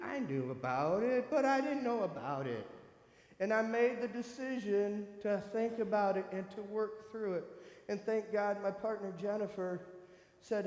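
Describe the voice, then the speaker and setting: Fifties man from northern Michigan, lively storyteller who acts out others' voices; fairly high voice, long church reverb. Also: unhurried. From northern Michigan, USA. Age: 50s. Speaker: guest speaker at a church service. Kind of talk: personal testimony. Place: church sanctuary. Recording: echoey hall with long reverb.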